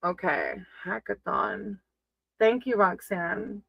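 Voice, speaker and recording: A woman gives casual tarot readings on a livestream, chatty and affectionate, reading names off a list and calling viewers sweetie and baby. Her medium-pitched voice swings widely in pitch, moves slowly, and has vocal fry, on a lo-fi recording with no echo.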